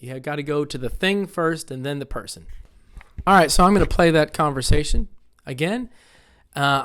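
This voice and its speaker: American guy teaching esl grammar, slightly high voice, patient and repetitive. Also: a bit bright. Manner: patient, repeats phrases for students to echo. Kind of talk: classroom grammar lesson.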